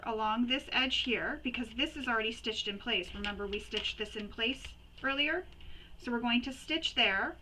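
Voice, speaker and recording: Higher-voiced woman explaining sewing steps. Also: noisy background. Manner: chatty, repeats and recaps steps. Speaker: sewing tutorial host. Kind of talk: step-by-step sewing tutorial.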